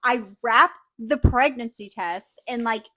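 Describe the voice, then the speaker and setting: A young woman co-hosting a podcast, telling a personal story in a casual, animated way, swearing freely and acting out what people said. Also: on the high side, slow, rough recording. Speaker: podcast co-host.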